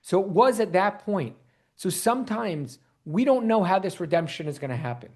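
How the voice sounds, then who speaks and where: High-voiced man teaching a Bible class. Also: moderate pace. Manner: animated, quizzes the audience. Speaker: rabbi teaching scripture.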